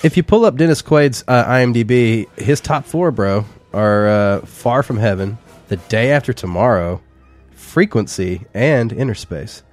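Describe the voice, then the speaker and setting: A man's voice: mid-range voice, animated, measured pace, soft background music. A young man co-hosting a casual movie-review chat, laughing often and swearing casually as he acts out lines. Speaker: podcast co-host.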